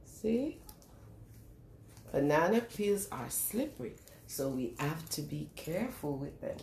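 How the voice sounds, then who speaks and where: Brief: female children's storyteller, slow and very expressive, sing-song, room echo. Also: low voice, gravelly, slight background noise. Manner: animated, sing-song, asks the children questions. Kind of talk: reading a picture book aloud to young children.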